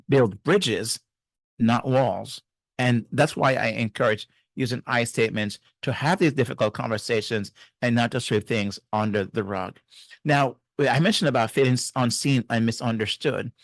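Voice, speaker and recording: A man's voice: mid-range voice, unhurried, no echo, clean studio sound. A middle-aged man, a marriage and family therapist, giving faith-based relationship advice in an earnest, teacherly way and speaking to the viewer directly.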